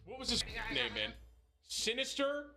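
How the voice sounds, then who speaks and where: A man's voice: very high-pitched, big pitch swings, a little slow, music in the background. A man live-streaming a game, reading viewers' messages aloud in a mocking way.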